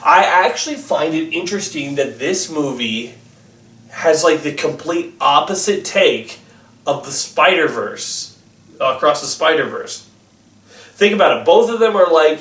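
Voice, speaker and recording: A man's voice: fairly high pitch, lively intonation, unhurried, fairly bright tone, roomy sound, far from the mic. A man giving a casual, rambling spoken film review, full of fillers and restarts.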